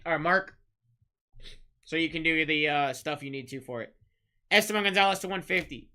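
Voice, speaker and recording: A man hosting a live-streamed trading card break, rattling off pulled cards, shouting out big hits and bantering with chat. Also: fairly high pitch. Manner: rapid-fire calling of card names, shouting big hits; chatty, teasing banter with chat.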